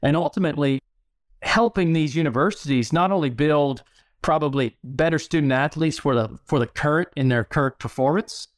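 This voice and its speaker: A man's voice: fairly high pitch, moderate pace, no room sound, clean studio sound. A man hosting a podcast. He affirms his guest's points and asks long, winding questions. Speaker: podcast host. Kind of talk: conversational podcast interview.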